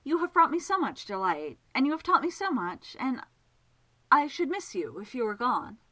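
A timid, courteous gentleman magician, earnest and eager to please, his voice lifting high with nervous feeling, as a woman reads him out. He rises and falls through a wide, lively range. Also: a little fast, heavily acted. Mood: tender. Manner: polite, earnest, a little timid. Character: gentle shy anxious male scholar-magician.

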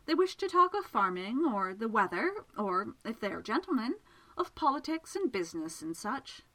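A woman voicing a shy, earnest gentleman magician. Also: a little high, very animated, normal speed, full character voice, low-quality recording. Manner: formal, hesitant, earnest. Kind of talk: audiobook character reading.

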